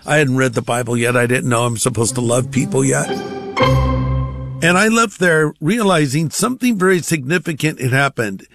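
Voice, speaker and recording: A man's voice: medium pitch, animated, moderate pace, gravelly, fairly bright tone, faint music behind. A male pastor telling a personal testimony in a conversational sermon style, acting out the voices of others. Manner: conversational, acts out quoted voices.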